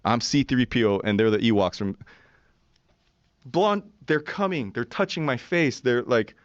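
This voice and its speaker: A man in his forties telling a story as a podcast guest, animated and profane, acting out what others said. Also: mid-range voice, a little slow, dry recording, dull audio. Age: 40s. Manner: animated, profane storyteller who acts out quotes. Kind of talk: casual storytelling.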